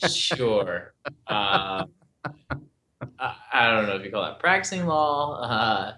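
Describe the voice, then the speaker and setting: Animated, swearing man ranting. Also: mid-range voice, slow. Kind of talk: casual podcast discussion.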